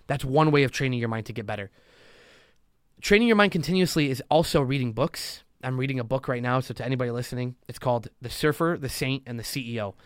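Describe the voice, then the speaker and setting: A man in an even middle voice talks on at length, as a podcast guest on a roll. He keeps swinging into quoted voices to drive his points home. The sound is dry and close. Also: medium pitch, smooth, no room sound. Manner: talks fast in long motivational runs, acts out quotes. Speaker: podcast guest, loan officer. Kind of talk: casual podcast talk.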